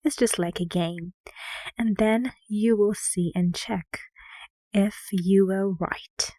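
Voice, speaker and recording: Slow, deliberate woman teaching pronunciation. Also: medium pitch, fairly even intonation, dark tone, dry recording. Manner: slow, deliberate, repeats each word several times. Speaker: English teacher. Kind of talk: online pronunciation lesson.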